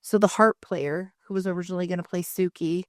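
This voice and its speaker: Animated woman telling stories, dry close mic. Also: lowish voice, fast, no echo. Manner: animated storytelling, acting out others with laughs and swearing. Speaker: podcast co-host. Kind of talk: casual chat.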